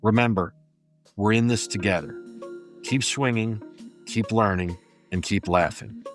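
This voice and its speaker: A man's voice: lowish voice, a little slow, soft background music. An older man hosting a solo podcast, talking in an easygoing, self-deprecating way. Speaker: podcast host.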